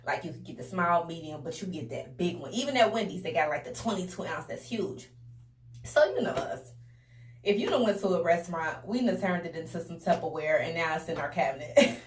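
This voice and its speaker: A woman's voice: on the low side, fairly quick. Chatty young woman with a roomy, distant sound. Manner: chatty, animated, addresses viewers as y'all. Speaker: vlogger. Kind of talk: casual storytime. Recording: roomy echo, a bit distant from the mic.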